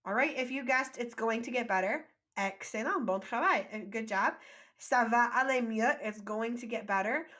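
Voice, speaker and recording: A woman teaching a French vocabulary lesson, saying each phrase slowly for learners to repeat, then explaining it quickly in English and praising them. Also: fairly high pitch, fairly bright tone. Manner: encouraging, prompts repetition.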